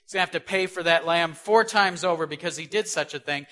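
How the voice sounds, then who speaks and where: Bright-voiced male preacher. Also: fairly high pitch, fairly quick. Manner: asks the listeners rhetorical questions; stresses key words, swings between loud and soft. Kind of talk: sermon.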